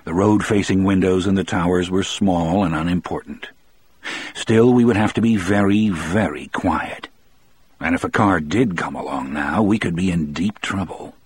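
A man reading a first-person story aloud in a measured, steady storytelling manner. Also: low-pitched, slightly rough, no room sound. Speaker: narrator.

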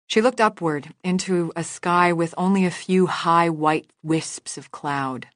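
Woman audiobook narrator, deep voice, measured, dry close recording. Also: no echo. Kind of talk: scripted narration.

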